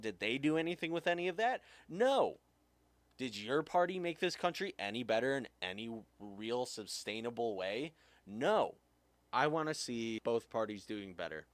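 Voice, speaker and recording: A man's voice: medium pitch, a bit bright, dry recording. A man hosting a podcast, ranting heatedly, swearing often, his voice jumping up when he gets angry. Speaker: podcast host. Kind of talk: impassioned rant.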